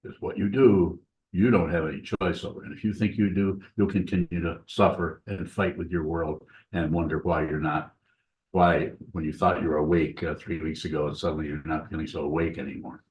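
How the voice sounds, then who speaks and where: A man's voice: low voice, steady tone, fairly quick, highs cut off. A man teaching as a Zen teacher, giving a dharma talk and answering questions in a plain, repetitive, conversational way.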